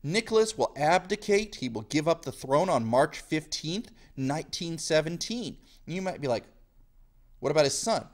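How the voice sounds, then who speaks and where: A man's voice: fairly high pitch, animated, normal speed, hardly any pauses. A male history teacher giving a casual video lecture in a jokey style full of slang.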